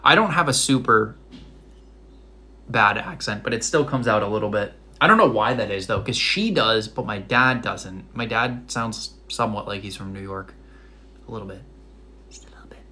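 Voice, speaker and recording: Chatty young man, bright tone, Rhode Island accent. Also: lowish voice, animated, normal speed. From Massachusetts. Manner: chatty, many likes and fillers. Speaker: live streamer. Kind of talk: casual live stream chat. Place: home kitchen.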